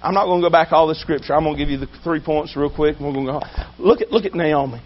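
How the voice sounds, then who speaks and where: A man preaching a sermon with emphasis, swinging between loud drawn-out shouts and low asides. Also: highs cut off.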